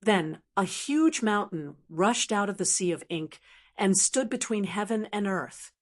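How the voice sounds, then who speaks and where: A woman narrating a fantasy audiobook in a steady, even storytelling manner. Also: mid-range voice, unhurried. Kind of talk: scripted narration.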